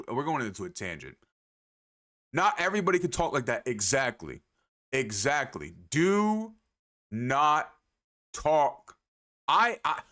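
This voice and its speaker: Animated, bright-voiced man ranting. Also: a little high. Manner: animated, profane, emphatic with repeated phrases. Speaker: livestreamer. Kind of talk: casual rant to stream chat.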